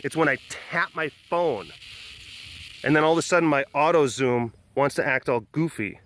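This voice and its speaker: A Texan man vlogs outdoors on a handheld phone, rambling casually and joking with lots of fillers and restarts. His voice is a little high and fairly bright, at a moderate pace, with a touch of hiss or hum.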